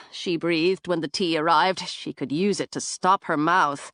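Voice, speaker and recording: A woman narrating an audiobook in an even, measured storytelling manner. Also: low-pitched, no room sound, studio quality. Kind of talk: scripted narration.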